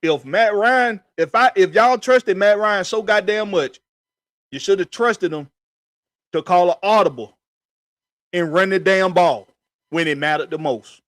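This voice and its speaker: High-voiced man on a profane sports rant. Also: measured pace, fairly bright tone, no echo, clean studio sound. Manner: profane, emphatic, repetitive ranting. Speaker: podcast host.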